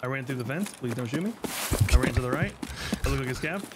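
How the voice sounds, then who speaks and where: A man's voice: medium pitch, expressive, fast, very noisy. A man playing a shooter game with friends, making wary callouts and dry jokes over a headset mic. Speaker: squad teammate. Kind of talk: casual gaming chat.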